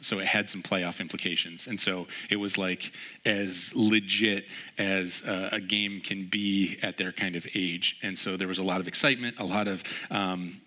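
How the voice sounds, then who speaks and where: A man's voice: lowish voice, bright, forceful tone. A man, a pastor, giving a casual sermon full of stories and fillers who acts out the people in them. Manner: casual storytelling, many fillers.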